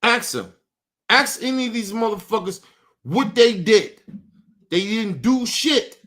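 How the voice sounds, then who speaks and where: A man's voice: high voice, very animated, measured pace, a bit bright. A man hosting a show, ranting angrily in with heavy swearing and a lot of repetition. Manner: angry, repeats himself, swears heavily. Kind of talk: heated on-air rant.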